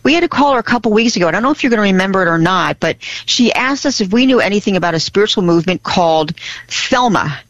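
A woman's voice: quick pace, dry recording. Chatty woman co-host, dull lo-fi sound. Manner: chatty, laughing, animated pitch jumps. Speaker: radio co-host. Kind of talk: casual radio chat. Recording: dull lo-fi radio audio.

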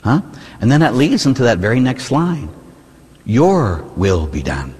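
A man's voice: mid-range voice, sing-song, a little slow, darkish tone, slightly rough, big-room sound. A man, a Catholic priest, preaching a sermon in a church, talking to the congregation in a conversational way and asking rhetorical questions.

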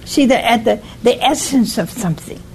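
A woman's voice: on the high side, expressive, moderate pace, slight background noise, poor audio. An older woman giving an informal, folksy sermon, often stopping to ask "see?" and putting questions to her listeners. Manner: folksy, keeps asking "see?". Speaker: preacher.

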